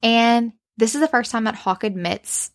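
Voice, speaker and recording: A woman's voice: fairly high pitch, moderate pace. Woman chatting about a romance book, super into it, gushes a lot. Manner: enthusiastic, gushing about characters. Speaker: book podcast co-host. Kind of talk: casual book discussion.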